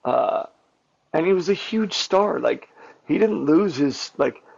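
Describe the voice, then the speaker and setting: A man with a very gravelly, husky voice tells behind-the-scenes stories as an interview guest. He talks in an animated rush of fillers and restarts. The audio is dull and lo-fi. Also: fairly high pitch, takes it slowly. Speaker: stuntman and actor guest. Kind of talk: candid interview storytelling.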